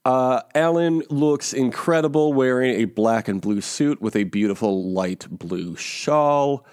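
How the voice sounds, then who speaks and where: A man's voice: medium pitch, unhurried, a little mellow, smooth, no echo, clean studio sound. A male podcast co-host in casual chat, wry and laughing often, trailing off with ums as he recaps a reality show.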